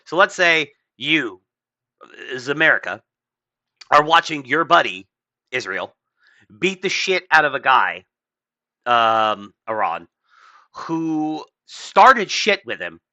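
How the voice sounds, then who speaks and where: A man's voice: on the high side, very animated, takes it slowly, long pauses, sharp tone, no echo, muffled recording. A man hosting a podcast, rambling in casual political chat, swearing and putting on mocking voices. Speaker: podcast host.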